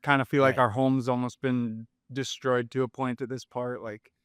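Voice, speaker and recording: A man's voice: mid-range voice, little pitch movement, normal speed, fairly bright tone, clean tone, dry recording, clean studio sound. A man talking as a guest on a podcast, hesitant with many fillers and holding back frustration. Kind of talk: casual podcast chat.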